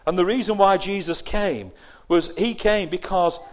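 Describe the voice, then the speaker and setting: A man giving a lively children's sermon, asking the young listeners questions and acting out whiny voices. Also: sits high, moderate pace. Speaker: preacher giving a children's talk.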